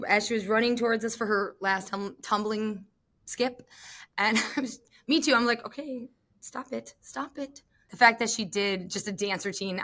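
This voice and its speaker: A woman co-hosting a podcast, chatting casually in an animated, gushing, jokey way. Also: mid-range voice. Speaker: podcast co-host. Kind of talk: casual chat about gymnastics.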